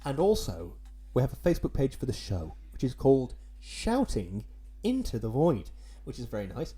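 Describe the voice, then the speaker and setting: Young guy, dry wordy podcast host, pokes fun at himself, lively voice. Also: medium pitch, moderate pace, husky. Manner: dry, wordy, self-mocking. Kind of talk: casual podcast chat.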